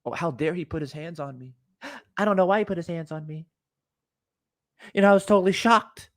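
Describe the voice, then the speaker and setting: A man's voice: on the high side, a little fast, fairly bright tone, dry recording, clean studio sound, voice pushed up. A man mocking a boxer with a raised, whiny voice that fakes shock and innocence. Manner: mocking, exaggerated fake shock.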